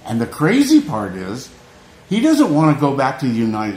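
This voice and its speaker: A man's voice: medium pitch, wildly swooping pitch, moderate pace, darkish tone. A man vlogging off the cuff, earnest and rambling, often restarting and repeating his phrases. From United States. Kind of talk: emotional unscripted vlog rant. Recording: echoey room, faint background noise.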